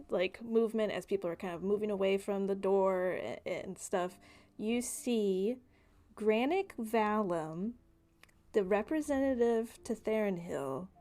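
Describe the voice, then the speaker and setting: A woman's voice: medium pitch, mellow. A woman narrating a tabletop game as game master, speaking casually with lots of fillers.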